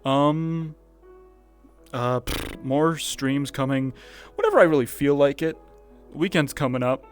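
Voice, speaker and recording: A man's voice: medium pitch, lively intonation, unhurried, clean tone, soft background music. A man streaming a VR roleplay, chatting to his viewers in a loose, rambling way and laughing to himself. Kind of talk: casual VR roleplay stream chat.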